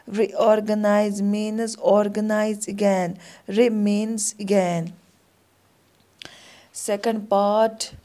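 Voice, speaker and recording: A woman teacher speaking at a slow, unhurried pace, patiently working through vocabulary one word at a time. Her voice sits a little high but stays flat and even. The tone is mellow and soft. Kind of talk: slow classroom explanation of English exercises.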